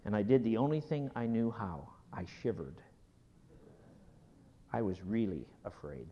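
A man preaching a sermon, telling a personal story slowly and dropping at times to a hushed whisper before leading a prayer. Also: on the low side, sing-song, a little hiss or hum. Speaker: pastor. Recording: dull sound in a hall with long reverb.

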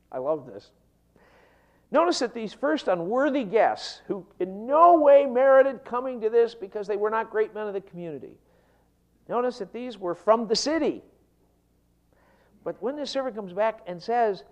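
A man delivering an expository sermon in a slightly raised voice. His pitch swings widely as he teaches. He rushes through asides and slows down to stress key phrases. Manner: animated, emphatic, with quick rushes and slow stressed phrases. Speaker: preacher teaching on a parable.

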